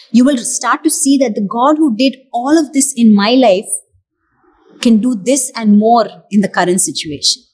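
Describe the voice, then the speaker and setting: A woman's voice: mid-range voice, a little mellow, husky, poor audio. A woman preaching a sermon in an earnest, emphatic way, acting out quoted prayers with feeling.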